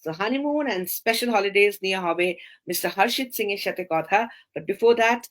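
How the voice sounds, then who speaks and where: Woman host, extremely fast, middle pitch. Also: lively intonation. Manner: mixes Bengali and English. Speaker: show host. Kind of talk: hosting a talk show.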